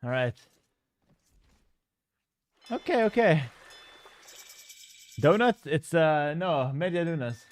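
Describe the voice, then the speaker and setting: A man commentates a strategy match live on stream, still out of breath. His voice sits a little high, and he chats loosely and casually with his viewers between calls on the game. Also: normal speed, few pauses. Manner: casual, chatty, talks to stream chat. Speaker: esports caster.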